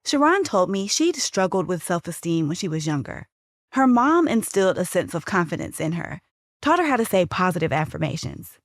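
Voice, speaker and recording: A woman hosting and narrating a documentary-style podcast in a measured, storytelling way. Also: fairly low pitch, very animated, no echo, clean studio sound.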